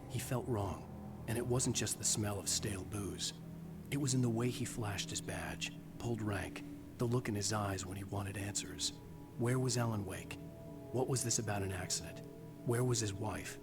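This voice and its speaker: An actor playing a weary male writer who narrates his own thriller in a game, with a measured, low noir delivery. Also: lightly acted. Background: game music.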